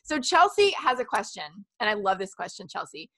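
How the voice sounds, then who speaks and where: A woman in her thirties hosting a live stream, talking in a chatty, animated storytelling way. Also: medium pitch, a little fast. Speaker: host. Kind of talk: casual live-stream chat.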